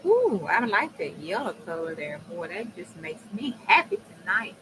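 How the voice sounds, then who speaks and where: A woman chatting casually on a crafting livestream, folksy and prone to excited laughter. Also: fairly low pitch, normal speed, background noise. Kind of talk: casual live-stream chat while crafting.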